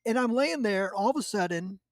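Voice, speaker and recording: A man with a high, light voice tells a story in casual podcast chat. He acts out what people said and often laughs as he goes. The sound is dry and close, with no room in it. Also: animated, a little fast, no room sound. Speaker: podcast host.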